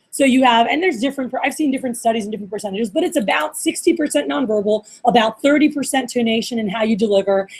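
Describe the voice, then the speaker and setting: A woman leading a live training workshop for a group, talking in an animated way, acting out phone calls and often checking in with "all right?". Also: fairly high pitch.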